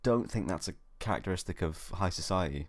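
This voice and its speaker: A man's voice: sits low, lively intonation, fairly quick, no echo. A young man co-hosting a comedic podcast, talking in a dry, rambling way and swearing freely. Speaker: podcast co-host. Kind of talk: comedic casual chat.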